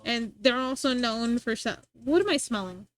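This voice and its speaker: A woman's voice: fairly high pitch, normal speed. A young adult woman streaming, rambling in casual chat and answering her chat, often restarting her sentences.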